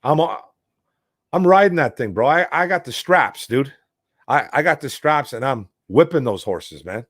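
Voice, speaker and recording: A man's voice: medium pitch, lively intonation, normal speed, a bit bright, no room sound, studio quality. A man with a Michigan accent hosting a casual sports talk show, rambling and frustrated, calling listeners bro and man. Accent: Detroit, Michigan. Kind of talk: casual sports talk, reading chat questions.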